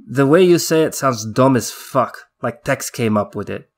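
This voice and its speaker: A man's voice: medium pitch, expressive, moderate pace. A man doing a teasing veteran soldier. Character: mocking male veteran soldier.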